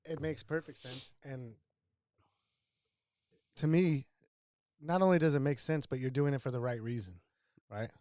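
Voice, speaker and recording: A man's voice: medium pitch, unhurried, pauses often, mellow, no echo, studio quality. A middle-aged man co-hosting a podcast in casual chat, blunt and joking, swearing casually. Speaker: podcast co-host.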